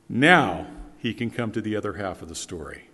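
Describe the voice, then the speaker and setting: A pastor preaches earnestly and emphatically in a church sanctuary, repeating key phrases for weight. His fairly low voice is pushed, bright, and slightly rough, with long church reverb on the recording.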